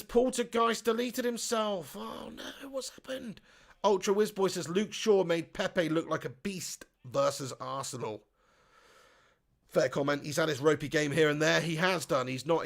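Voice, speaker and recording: A man hosting a live football watch-along, reading out chat comments and shouting at the big chances. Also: on the high side, creaky.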